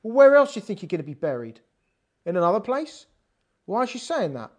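A woman's voice: medium pitch, fairly quick, long pauses. A woman giving a conversational scripture lesson, explaining verses and acting out the quoted lines with attitude. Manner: animated, acts out quoted lines with sass. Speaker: Bible teacher.

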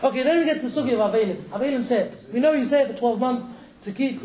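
A man teaches a religious class at a brisk clip, with jokes and a chuckle between points. His voice sits unusually high. The room is echoey. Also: a crowd in the background. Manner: quick, joking, laughs between points. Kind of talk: casual Torah lesson.

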